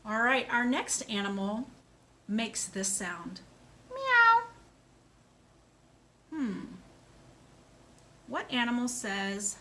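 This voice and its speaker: Slow, bright, sing-song woman teacher. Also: mid-range voice, a little hiss or hum. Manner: slow, clear, sing-song and encouraging, with animal sounds. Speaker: speech therapist. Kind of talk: slow children's lesson.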